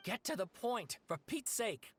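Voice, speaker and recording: Brisk researcher voiced by a man, mid-pitched game voice with a lively, impatient edge. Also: slight background noise, natural voice. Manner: matter-of-fact, a bit impatient. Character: level-headed male researcher assistant, impatient.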